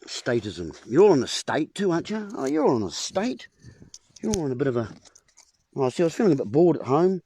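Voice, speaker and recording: A man's voice: a little high, huge pitch swings, brisk, dark tone, slight background noise. A man rambling to camera at home, playing with puns and calling his viewers folks. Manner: playful, punning, addresses viewers as folks. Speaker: video host. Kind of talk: rambling wordplay monologue to camera. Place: at home with a whiteboard. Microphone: camera in front of him.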